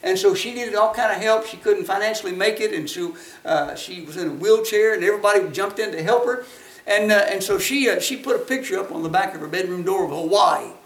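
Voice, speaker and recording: Folksy preacher, man, high voice, emphatic peaks, roomy distant sound. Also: brisk. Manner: folksy storytelling, rising to emphatic shouts. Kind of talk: sermon. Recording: echoey, from a distance off the mic.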